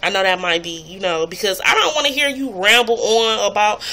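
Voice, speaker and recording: A woman's voice: mid-range voice, animated, a little fast, pushed and bright. A woman vlogger ranting bluntly and profanely to camera. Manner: blunt, profane, exasperated ranting with mocking impressions. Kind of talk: casual rant to camera.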